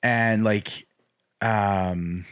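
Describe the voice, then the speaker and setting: A man's voice: on the low side, fairly even intonation, very slow, a bit bright, clean tone, dry recording. A laid-back man hosts a casual podcast, talking bluntly and swearing without a second thought. His voice sounds dry and close, with no room sound around it. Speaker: podcast host.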